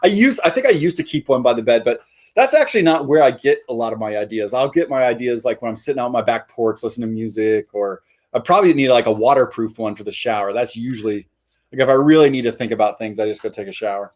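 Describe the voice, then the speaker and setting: A man's voice: medium pitch, fast, darkish tone. A man, a comic artist guest, chatting casually in an interview and rambling with many fillers and restarts.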